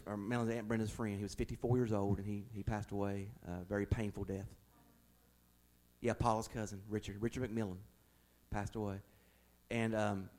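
A man, a pastor preaching a conversational sermon that builds to emphatic, raised passages. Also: on the low side.

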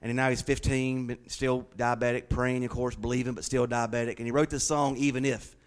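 A man preaching a sermon as pastor, swinging from loud, rising declarations to hushed, confiding stories. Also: mid-range voice, level tone, fairly quick, clear, resonant tone.

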